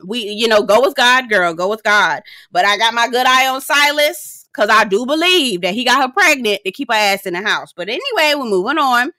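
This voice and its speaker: Young woman, blunt and sassy recapper, higher voice, dry close sound. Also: lively intonation, fairly quick, few pauses, bright, forceful tone, dry recording. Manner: sassy, blunt and profane, laughs often; chatty, speaks straight to viewers. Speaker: reality show recapper. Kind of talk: casual commentary recap.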